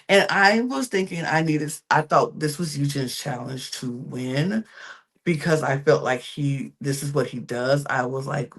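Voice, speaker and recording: A podcast co-host recaps a reality show in a casual, gossipy way, trailing off into filler words and speaking directly to viewers. Her pitch is medium and her pace slow.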